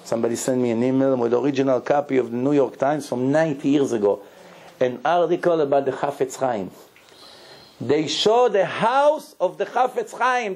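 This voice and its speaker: A man, a rabbi telling stories in a lively sermon and acting out the people in them. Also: sits high. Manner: animated storyteller, acts out pleading and crying. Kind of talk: storytelling sermon.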